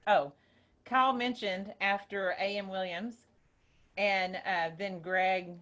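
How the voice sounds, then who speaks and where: A woman hosting a casual group call, telling a story in an excited, rambling way. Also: medium pitch, takes it slowly, dull audio, slight background noise. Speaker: host. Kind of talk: casual chat.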